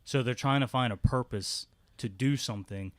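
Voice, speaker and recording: A man's voice: mid-range voice, normal speed, dry recording. A man co-hosting a podcast in casual chat, explaining things earnestly. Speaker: podcast co-host.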